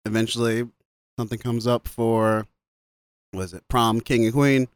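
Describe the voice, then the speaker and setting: A man's voice: medium pitch, flat delivery, a little slow, clean tone, no room sound. A man casually recapping a film on a podcast, laughing often and quoting the characters as he goes. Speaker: podcast co-host. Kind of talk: casual movie recap chat.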